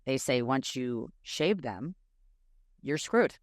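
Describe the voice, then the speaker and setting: A woman's voice: very deep voice, expressive, slow pace, no room sound. Casting: middle-aged New woman, emphatic podcast co-host, dry close sound. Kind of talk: casual chat.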